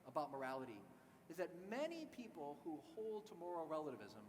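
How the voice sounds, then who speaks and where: A man giving a talk, telling a story with animated, acted-out dialogue. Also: on the high side, brisk. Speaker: speaker. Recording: reverberant hall, faint hiss.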